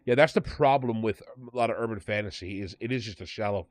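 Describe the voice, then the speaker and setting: A man's voice: lowish voice, fast talker, no echo. A man co-hosting a casual podcast, chatting in an offhand, jokey way and reading a definition aloud. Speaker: podcast co-host.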